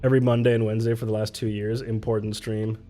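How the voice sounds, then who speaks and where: A man's voice: lowish voice, little pitch movement, quick pace, mellow, faint music behind. A man live-streaming from his home setup, chatting casually and answering his chat, rambling and laughing often.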